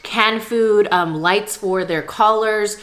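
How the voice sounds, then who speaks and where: A young woman chats to her camera at home in a relaxed vlog. She talks candidly and easily, pausing now and then for a bite of food. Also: mid-range voice. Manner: chatty, candid, talks between bites of food. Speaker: vlogger. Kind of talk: casual vlog chat while eating. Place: at home, indoors.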